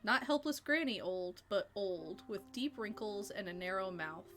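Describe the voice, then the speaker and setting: A woman streamer reading a story game aloud and chatting with viewers in a lively way, laughing between passages. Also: medium pitch, unhurried, music in the background.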